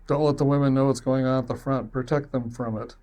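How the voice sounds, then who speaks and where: A man of medium pitch recounting a story from his own life. He rambles along in a loose, conversational way, self-deprecating, with an easy chuckle here and there. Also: fairly even intonation, quick pace, dark tone. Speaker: web series producer. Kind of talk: personal storytelling.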